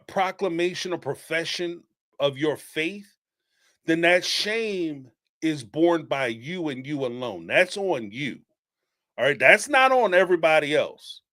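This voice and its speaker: A man's voice: sits high, a bit bright, dry recording, studio quality. A man hosting a reality TV commentary show, talking bluntly, swearing freely and laughing as he mocks what others said. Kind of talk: casual commentary monologue.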